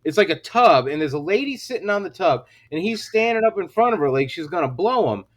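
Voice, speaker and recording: High, lively-voiced male comedy podcaster. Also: a little fast. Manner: animated storytelling with low put-on quote voices. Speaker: podcast co-host. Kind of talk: crude comedy podcast banter.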